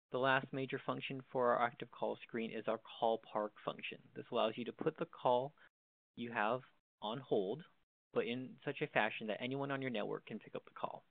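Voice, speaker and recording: A man's voice: medium pitch, no echo. A man walking through the basic features of a desk phone in a plain, step-by-step instructional tone. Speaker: tutorial presenter. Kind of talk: instructional walkthrough. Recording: dry, phone-like narrow sound.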